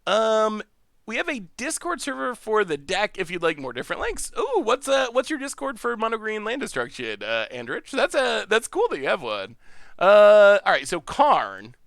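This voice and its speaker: A man's voice: sits high, huge pitch swings, moderate pace, a bit bright, no echo, studio quality. A man streaming an online card game, thinking aloud in chatty commentary, laughing often and restarting his phrases. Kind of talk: live gameplay commentary.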